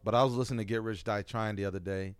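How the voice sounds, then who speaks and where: A man's voice: lowish voice, fairly even intonation, racing, clear, resonant tone, dry recording. A young man co-hosting a loose, profane podcast chat about music and sports, laughing often. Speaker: podcast co-host. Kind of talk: casual chat.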